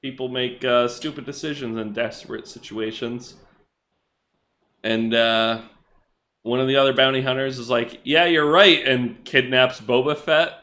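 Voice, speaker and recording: A man's voice: mid-range voice, steady tone, measured pace, a bit bright. A man co-hosting a podcast, recapping comic book plots in casual chat and laughing often. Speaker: podcast co-host.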